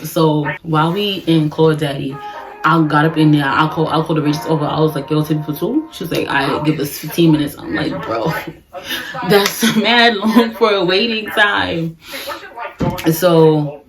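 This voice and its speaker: A woman in her early twenties with a New York accent, telling a casual storytime in slangy, animated talk and acting out what people said. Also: low voice, normal speed, a crowd in the background, poor audio. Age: 20s. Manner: animated, slangy, acts out quotes. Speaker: vlogger.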